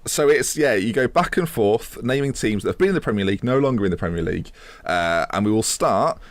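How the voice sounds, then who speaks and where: A young man hosting a football podcast, his voice rising and falling with animated intonation as he plays quizmaster. The recording is dry and close. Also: fairly low pitch, no echo. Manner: playful quizmaster, runs the game with quick rulings. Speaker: podcast host. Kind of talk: casual football podcast chat.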